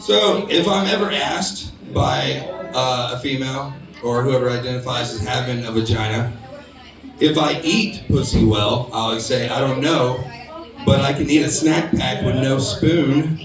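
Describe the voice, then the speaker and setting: A man's voice: mid-range voice, unhurried, over music. A man doing a stand-up comedy set on a bar stage, rambling loosely with fillers and crude punchlines. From United States. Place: bar stage before a live audience. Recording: roomy bar recording from a distance, crowd heard.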